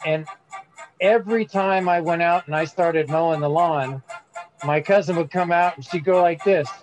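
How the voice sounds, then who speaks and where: A man with a high voice chats casually, reacting quickly and telling an easygoing story. Faint music sits behind him. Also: low-quality recording. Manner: chimes in with quick reactions and jokes. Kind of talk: casual chat.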